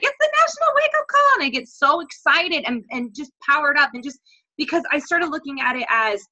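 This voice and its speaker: A woman talking candidly about her coaching journey in a casual interview, swearing freely and getting animated as she retells things. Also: a little high. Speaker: guest coach.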